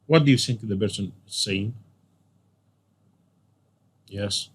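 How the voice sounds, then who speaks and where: A male English teacher with a lowish, breathy-edged voice speaks slowly as he walks through a textbook lesson in class. He patiently goes over the questions and repeats the answers.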